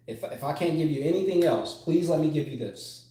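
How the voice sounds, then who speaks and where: A man's voice: on the high side, brisk, dark tone. A man teaching sales as a coach, emphatic, repeating key phrases and drawing out words for stress. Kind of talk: motivational sales lesson. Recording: echoey room.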